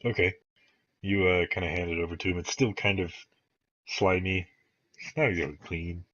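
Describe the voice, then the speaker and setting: A man narrating a tabletop game as game master, in a relaxed, matter-of-fact way. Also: low-pitched, moderate pace. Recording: dull lo-fi sound, dry.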